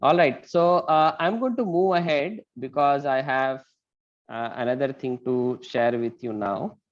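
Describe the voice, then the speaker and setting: A man's voice: mid-range voice, a little slow. A man teaching an online class, asking questions and explaining step by step. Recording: muffled lo-fi call audio.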